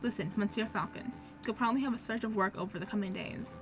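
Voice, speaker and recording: A woman's voice: medium pitch, quick pace, lightly acted. A woman voicing a male fox private investigator in a game, polite and sure of himself, over game music. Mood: suave.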